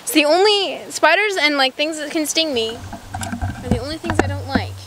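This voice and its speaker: A woman's voice: sits high, lively intonation, normal speed. A young woman chatting playfully on a nature trail. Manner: playful, giggly. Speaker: vlogger's girlfriend. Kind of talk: casual chat. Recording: loud outdoor background noise.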